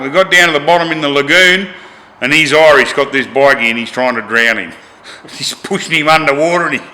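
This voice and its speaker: An older Australian man telling a rough-and-tumble story from his past in a colloquial, animated, yarn-spinning way. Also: fairly high pitch, brisk, big-room sound, low-quality recording. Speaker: interviewee. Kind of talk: storytelling anecdote.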